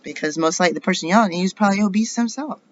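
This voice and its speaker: A woman's voice: medium pitch, very fast. Middle-aged American woman, rambling and indignant monologue, muffled recording with light hiss. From United States. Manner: indignant, rambling, rhetorical questions. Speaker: vlogger.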